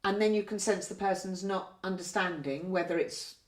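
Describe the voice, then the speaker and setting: Woman nurse walking staff thru patient communication, gentle and patient, says "isn't it" a lot, mid pitch, bit of room echo. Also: normal speed. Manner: gentle, explanatory, ends points with tag questions. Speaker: community learning disability nurse. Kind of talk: training talk with role-play. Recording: roomy echo.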